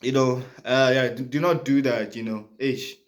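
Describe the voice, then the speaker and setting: A man's voice: medium pitch, fairly even intonation, normal speed. A man telling a rambling comic story, full of fillers and laughing at his own jokes. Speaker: comedian.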